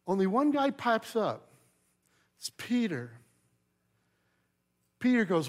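High-voiced animated male pastor preaching. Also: slow pace, pauses often. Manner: animated storyteller, acts out quotes, asks the congregation questions. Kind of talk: sermon.

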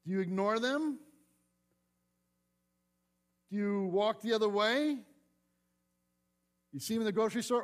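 A middle-aged male pastor delivers a sermon in a fairly high voice. He preaches with lively energy, pressing hard on some lines and dropping to a hush on others. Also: normal speed. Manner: animated preaching, swings from loud emphasis to soft asides.

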